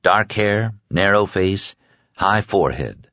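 A man narrates a novel in a measured storytelling manner, his voice sitting low. The sound is dry and close with no room, and the recording is dull and lo-fi. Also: lively intonation, pushed and bright, no room sound. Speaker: audiobook narrator. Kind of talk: scripted narration.

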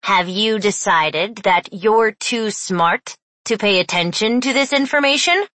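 A woman voicing a stern, nasal male schoolteacher who scolds slowly and sarcastically in an audiobook. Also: mid-range voice, lively intonation, a bit bright, no room sound. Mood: scolding.

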